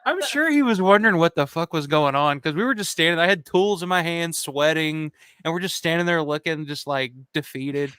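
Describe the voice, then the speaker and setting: A man's voice: a little high, expressive, brisk, pushed and bright, clear, resonant tone, no room sound. A man hosting a casual chat show, telling a story in a loose, swearing way, laughing often and acting out what people said. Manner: swears freely, laughs often, acts out quotes. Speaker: channel host.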